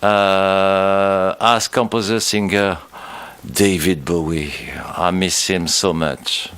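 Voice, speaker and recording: A man's voice: low-pitched, fairly even intonation, slow pace, fairly bright tone, clear, resonant tone, no room sound. A French man speaking English with a French accent, enthusiastically listing his musical favourites and sometimes searching for words. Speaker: musician guest. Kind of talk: recorded interview segment.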